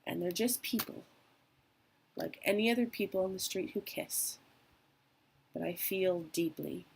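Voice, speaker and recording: Husky, low-toned young woman vlogging. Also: poor audio. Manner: candid, emotional, trailing pauses. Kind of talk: personal confessional vlog.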